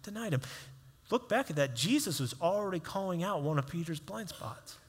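A man's voice: high voice, expressive, normal speed, husky, big-room sound. A male pastor preaching a sermon in a conversational style, acting out quoted voices as he tells a story.

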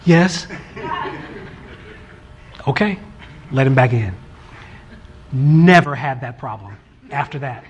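A man in his forties, a father casually telling a story about raising his sons, animated and acting out his kids' voices. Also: mid-range voice, measured pace, long pauses, dull audio, slight background noise. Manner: animated, acts out his children's voices in quotes.

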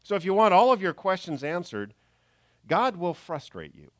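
A man delivers a sermon with the ease of someone telling a story at the kitchen table, his somewhat high voice rising and falling in wide, lively swoops. He moves between loud bursts and hushed asides, and the recording is close and dry with little room sound. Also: moderate pace, no echo. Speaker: preacher.

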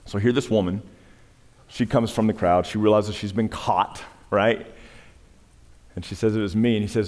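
A male pastor preaching a sermon, his voice climbing in emphatic peaks and dropping to a hush when he tells stories. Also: on the low side, moderate pace. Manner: preaching with rising emphatic peaks and hushed storytelling. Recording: long reverb of a large hall.

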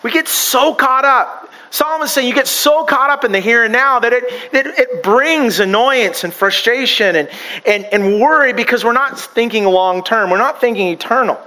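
A man delivers a sermon in a high voice, chatting with the congregation rather than orating. His tone is bright and forward, and he keeps tripping over his words and starting sentences over. He slips in small jokes and homespun stories as he goes. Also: normal speed, poor audio. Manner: conversational, joking asides and self-deprecating stories; stumbles and restarts often. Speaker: pastor.

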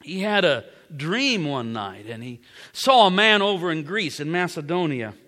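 A male preacher tells a story in a high, bright voice. He repeats phrases and drops to a whisper for emphasis. His voice echoes through a large hall. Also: sing-song, normal speed. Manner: dramatic, repeats phrases, swings from whispers to loud. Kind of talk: sermon storytelling.

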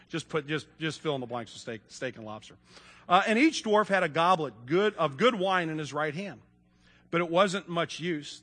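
A man preaching a sermon and reading a story aloud, in a folksy, animated way with frequent fillers. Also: a little high. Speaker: pastor. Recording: long reverb in a large room.

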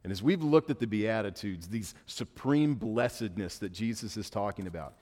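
Pastor preaching with hall echo. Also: male voice, on the low side, moderate pace, a little mellow. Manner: casual, joking storyteller. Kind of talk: sermon. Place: church sanctuary.

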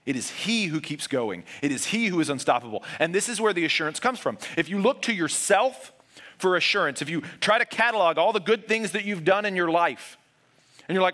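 Bright-voiced earnest male pastor. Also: animated, fairly quick. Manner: earnest, swings between raised urgent passages and hushed low emphasis. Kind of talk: sermon.

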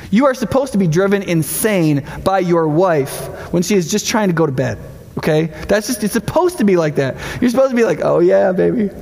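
In a large hall, a middle-aged pastor preaches briskly in a high-sitting voice. His sermon is conversational and animated, peppered with rhetorical questions.

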